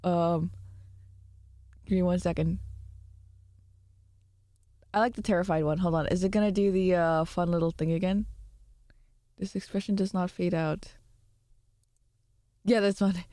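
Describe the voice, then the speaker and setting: A woman's voice: lowish voice, steady tone, unhurried, long pauses, mellow, no room sound, clean studio sound. A tired woman streamer chatting casually and rambling, laughing as she answers her chat. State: tired from little sleep. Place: home room.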